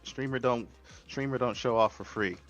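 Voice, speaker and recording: A man's voice: mid-range voice, normal speed, dull audio, music in the background. A man chatting casually with friends, joking in a mock-indignant way. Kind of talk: casual group chat.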